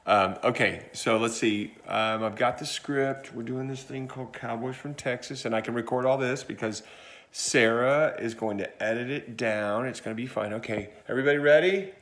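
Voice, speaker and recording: A chatty man walks through filming tips in a relaxed, off-the-cuff tutorial, demonstrating each step as he talks. His voice is mid-pitched, and it is recorded close on a phone held about a foot from his face. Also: moderate pace. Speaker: church video instructor. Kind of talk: casual how-to tutorial. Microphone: phone about a foot away.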